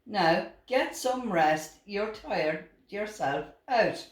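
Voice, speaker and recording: An older woman voicing a gentle, caring mother owl in a storybook, soothing and motherly. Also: medium pitch, expressive, very slow. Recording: roomy echoing room.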